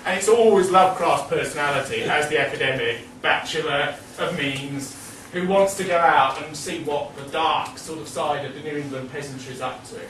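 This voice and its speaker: A man with a slightly high voice talks through literature in a rambling, animated way. He is picked up from a distance in a roomy space, with a faint ambient hum underneath. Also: moderate pace, hardly any pauses. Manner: rambling, animated, laughing asides. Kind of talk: casual lecture-style literary talk.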